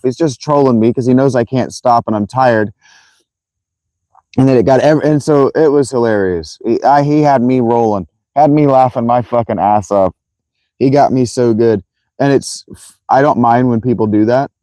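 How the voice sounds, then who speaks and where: A man hosting a casual livestream, telling a rambling, profane, animated story to his viewers. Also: medium pitch, dry recording, rough recording. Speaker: livestream host.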